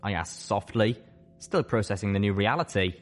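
A man narrating a first-person story as an audiobook reader, steady and measured. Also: fairly low pitch, soft background music. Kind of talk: audiobook narration of fan fiction.

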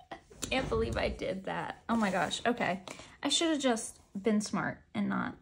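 A woman's voice: fairly high pitch, lively intonation, unhurried, gravelly, pauses often, breathy edge. A woman chatting casually as she unboxes merchandise, chatty and self-deprecating with giggly asides. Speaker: unboxing vlogger.

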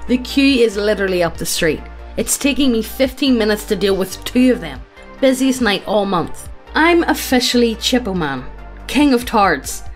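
A woman's voice: mid-range voice, expressive, moderate pace, soft background music. A woman channel host casually reading a funny story aloud, swearing freely and breaking into laughter.

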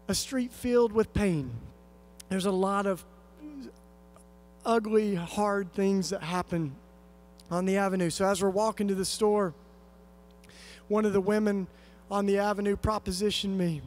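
A man from East Tennessee giving an earnest, conversational sermon-style talk at a conference, telling a story with lots of fillers and restarts. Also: sits high. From East Tennessee, USA. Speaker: conference speaker.

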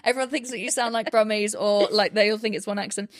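A woman's voice: mid-range voice, steady tone, quick pace. Woman, comedy podcast co-host, chatty and giggly, reads fan mail aloud. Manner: chatty, laughs often, reads listener messages aloud. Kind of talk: casual comedic chat.

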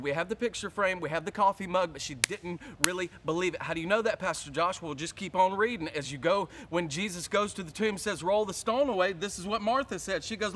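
A male pastor preaching a sermon, telling a story in a lively, casual way and acting out his own panic. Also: high voice, a little fast, hardly any pauses, a little hiss or hum.

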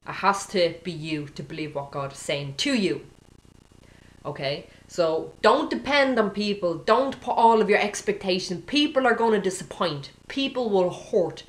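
A woman's voice: mid-range voice, roomy sound. A woman giving an informal, earnest sermon to camera as a Christian video preacher, speaking directly and often checking in with "okay?".

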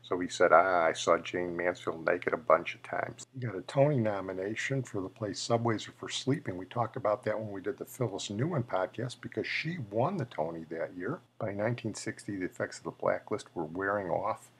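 A man's voice: lowish voice, brisk, few pauses, slightly rough. A male podcast host giving opinionated, conversational commentary on a memorial show.

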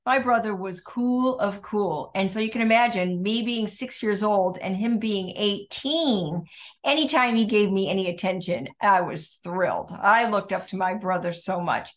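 An older woman co-hosting a podcast, telling a childhood story in a lively, laughing way. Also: medium pitch, moderate pace. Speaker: podcast co-host. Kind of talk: storytelling chat.

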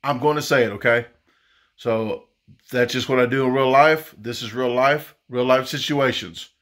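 A man's voice: medium pitch, normal speed, a bit bright, no room sound. A man with a Midwestern American accent, vlogging in a casual, folksy, rambling way, full of filler words, while driving. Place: in a car on the road. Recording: car road noise behind.

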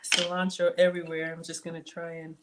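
A woman's voice: fairly low pitch, monotone, brisk, a little hiss or hum. Chatty woman hosting a cooking stream. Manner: chatty, addresses viewers by name and reads their comments. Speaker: cooking channel host. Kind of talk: live-streamed cooking chat. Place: home kitchen.

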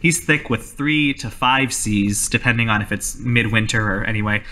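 A man narrating as game master in a tabletop game, relaxed and playful with frequent fillers. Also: fairly low pitch, normal speed.

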